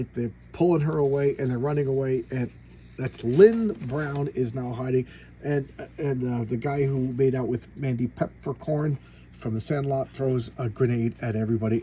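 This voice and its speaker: A man's voice: medium pitch, normal speed, dark tone, slight background noise, rough recording. A man hosting his own comic review video, talking casually and sarcastically, with many restarts and asides. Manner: sarcastic, rambling, full of restarts. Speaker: comic book video host.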